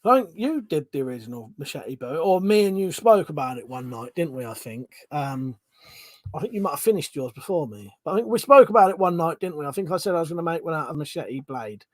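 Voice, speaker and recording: A rambling, chatty man with a Home Counties English accent, hosting a relaxed livestream and chuckling between thoughts. His voice sits a little higher than most men's. It is recorded close and dry, with no room echo. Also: quick pace. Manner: rambling, chatty, chuckles often, swears casually. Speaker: livestream host. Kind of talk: casual livestream chat, reading out viewer comments.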